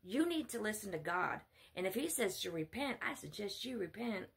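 A woman's voice: medium pitch, very animated, moderate pace, creaky, slightly rough. A woman delivering a blunt, scolding sermon monologue. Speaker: self-styled spiritual mother preaching.

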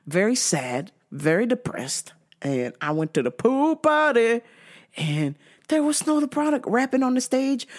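A woman hosting her own show, telling a casual story with lots of swearing and laughter. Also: mid-range voice. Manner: animated, profane, laughs often. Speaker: podcast host.

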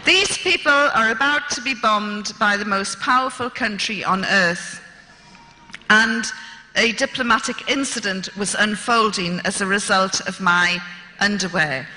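Woman, bright and sharp tone, wry storyteller at a lecture, long hall echo. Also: mid-range voice, normal speed, a little hiss or hum. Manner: dry humorous storytelling. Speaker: speaker.

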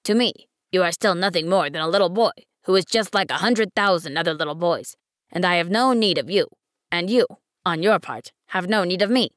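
A woman voicing a wise, patient male fox in an audiobook, speaking in a measured, earnest way. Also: lowish voice, dry recording, studio quality, close to an everyday voice. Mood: explaining. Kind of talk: audiobook reading.

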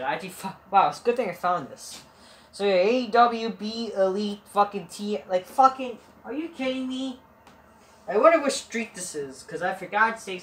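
A man's voice: fairly high pitch, a bit bright. A man hosting a wrestling review, rambling and dismissive and swearing constantly, recorded on a camera mic. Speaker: wrestling show reviewer, channel host. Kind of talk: profane rambling review rant. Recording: roomy, distant mic, faint noise.

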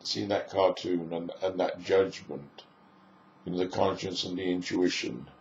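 A man's voice: sits low, fairly even intonation, a little slow, creaky, a little mellow. A man giving a spoken lecture in a musing way, piling up lists of phrases as he goes. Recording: echoey room, dull lo-fi sound.

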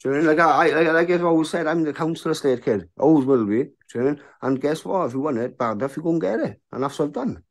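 A man's voice: fairly high pitch, rapid-fire, few pauses. A man in his thirties, a bare-knuckle fighter, talking frankly in a casual interview and often asking "do you know what I mean?".

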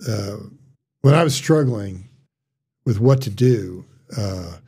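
A middle-aged man, a surgeon, telling stories in casual chat, halting with restarts and quoted dialogue. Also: lowish voice, expressive, mellow, slightly rough. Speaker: surgeon guest.

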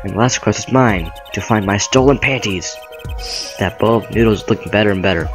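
A man's voice: lowish voice, fast talker, faint music behind. A young man hosting a game playthrough, reading the dialogue aloud in a jokey, hammy way. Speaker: let's play host.

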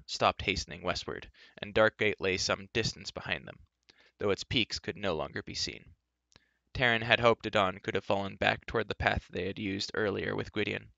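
Man, low clear voice, reads a novel aloud in even storytelling, dry dull lo-fi sound. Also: dry recording. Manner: steady storytelling with occasional word slips. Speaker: reader. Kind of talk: reading a fantasy novel aloud.

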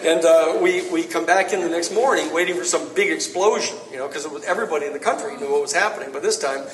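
A man's voice: on the high side, fast talker, a crowd in the background. Male author, storytelling talk, recorded from a distance in a reverberant shop with faint room hum. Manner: animated anecdotes, acts out quoted lines. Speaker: author giving a book talk. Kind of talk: storytelling talk to a live audience. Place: bookstore event space. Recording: roomy echo from far off.

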